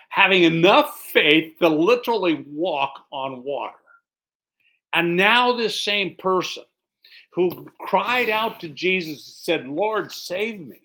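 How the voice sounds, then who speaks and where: Chatty preacher, man with a higher voice. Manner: relaxed, chatty, explains as he goes. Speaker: pastor. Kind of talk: conversational sermon with scripture reading.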